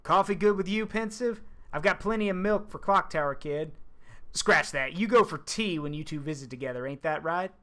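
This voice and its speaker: A streamer voicing an easygoing middle-aged male farmer in a low country drawl, reading a story aloud on stream. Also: moderate pace, a bit bright, close to an everyday voice. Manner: laid-back, homespun.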